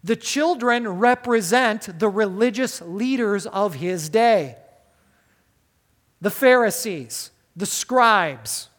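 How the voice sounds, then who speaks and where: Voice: mid-range voice, animated, takes it slowly. Emphatic preacher asking rhetorical questions. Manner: asks the listeners frequent rhetorical questions; emphatic, with wide swings in loudness. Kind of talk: sermon on a Bible passage.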